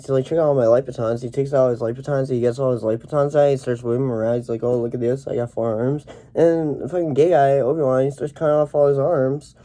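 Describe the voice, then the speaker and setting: A young man rambling through a deadpan parody movie review, full of halting restarts and fillers. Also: mid-range voice. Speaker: comedic reviewer.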